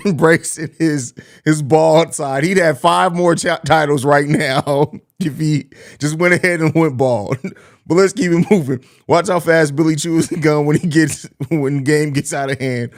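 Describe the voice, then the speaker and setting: Guy hosting a bulls stream, laughs a ton, slangy banter, a bit high voice. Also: measured pace. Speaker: podcast host. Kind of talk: live stream pregame chat.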